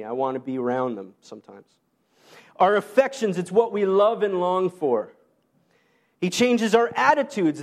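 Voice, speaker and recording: A pastor with a high, slightly mellow voice preaches conversationally, adding self-deprecating asides and short laughs. When he quotes Paul, his voice climbs even higher.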